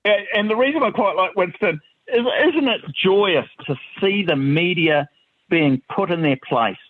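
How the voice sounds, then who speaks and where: A man's voice: high-pitched, expressive, measured pace. Emphatic man on a tinny phone line. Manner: emphatic, opinionated, stressing words. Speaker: guest commentator. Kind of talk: political talk radio chat. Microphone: phone call.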